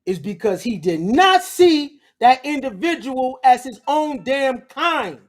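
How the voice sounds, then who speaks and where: A man's voice: very high voice, very animated, slow pace. A man hosting a lecture-style commentary, talking bluntly and emphatically in slang. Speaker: host.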